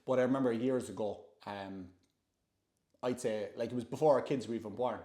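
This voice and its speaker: A man's voice: mid-range voice, brisk, dark tone, reverberant. A Northern Irish man hosting, talking casually in a chatty, rambling way and laughing often. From Northern Ireland. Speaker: host. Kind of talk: casual chat.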